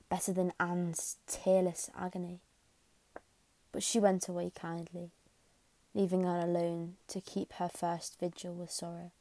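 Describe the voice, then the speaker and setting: Woman, audiobook narrator, mellow tone, flat delivery, dry close recording. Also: fairly low pitch, dry recording. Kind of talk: scripted narration.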